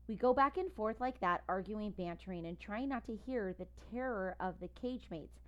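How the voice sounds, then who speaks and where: A woman's voice: mid-range voice, moderate pace, few pauses, lo-fi sound. Woman reading a children's storybook aloud. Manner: lively, expressive reading. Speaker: audiobook reader. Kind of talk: first-person storybook narration.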